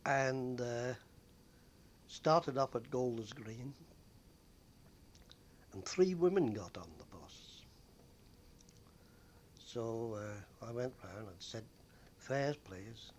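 An older man telling stories from his days as a bus conductor, rambling with frequent pauses and fillers. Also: mid-range voice, lively intonation, slight background noise. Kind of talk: oral history reminiscence.

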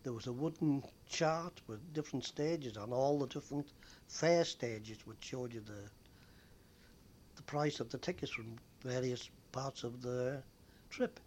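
An older man telling stories from his days as a bus conductor, rambling with frequent pauses and fillers. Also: mid-range voice, darkish tone, slight background noise. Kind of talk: oral history reminiscence.

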